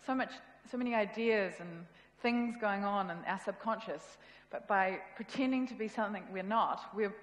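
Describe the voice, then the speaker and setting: A woman with a New Zealand accent giving a casual, self-deprecating conference talk. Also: medium pitch. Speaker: conference speaker. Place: event hall. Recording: echoey hall with long reverb.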